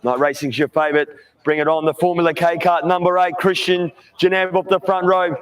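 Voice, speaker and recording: A grid announcer with a slightly high voice and steady tone talks fairly quickly as he interviews young drivers on the grid at a night kart race. He's upbeat and chummy, calling everyone mate.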